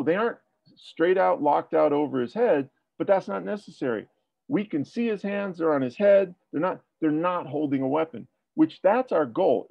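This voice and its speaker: A man's voice: on the high side, creaky, no echo, lo-fi sound. A man working as a police tactics trainer, talking through a debrief and asking rhetorical questions. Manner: explanatory, asks rhetorical questions.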